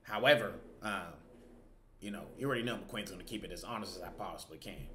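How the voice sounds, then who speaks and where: A man's voice: sits low, quick pace, fairly bright tone. A young man hosting his own commentary channel who chats casually, keeps hyping the viewers up and tags almost every line with "okay?". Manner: hypes up the audience, tags lines with "okay?".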